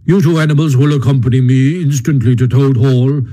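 A man voicing a grave, solemn old male badger in a storybook reading, speaking slowly and weightily. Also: mid-range voice, steady tone, mellow, natural voice, low-quality recording.

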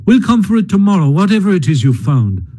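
A man voicing a cheerful, brisk male water rat who talks in a hurried, friendly way. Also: sits high, big pitch swings, mellow, voice pushed up.

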